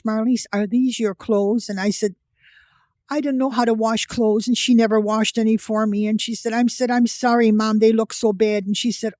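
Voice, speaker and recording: A woman's voice: mid-range voice, mellow, dry recording. Old american lady telling her story, acts out all the voices, dry close sound. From United States. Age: 80s. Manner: vivid storyteller who acts out quoted voices. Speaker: guest. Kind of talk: personal storytelling.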